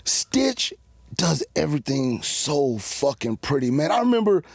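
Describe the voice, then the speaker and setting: A man's voice: fairly high pitch, sing-song, unhurried, creaky, no room sound, clean studio sound. Profane, laughing storyteller man. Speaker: guest cutman. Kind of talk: casual podcast storytelling.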